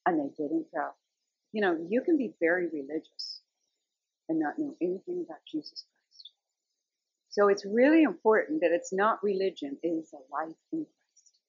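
A middle-aged woman speaks in a slightly low, gravelly and very husky voice. She tells stories in an earnest, conversational devotional talk. The recording is close and dry, with a somewhat dull sound. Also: dry recording. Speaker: Christian speaker.

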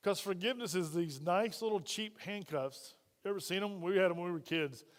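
A man's voice: sits high, brisk. A man preaching a conversational sermon as pastor, often putting questions to the congregation. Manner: asks the congregation frequent questions. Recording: long reverb of a church hall.

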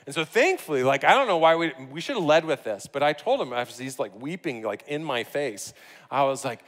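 A man in his thirties preaches from the pulpit, telling a story with animated energy and the odd laugh. His voice sits a little high for a man. The sound carries a long reverb. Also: brisk. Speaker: pastor. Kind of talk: sermon.

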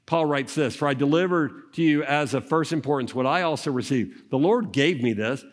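A man preaching an Easter sermon, acting out the scenes of the story as he tells it, at times dropping soft and low. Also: normal speed. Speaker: pastor.

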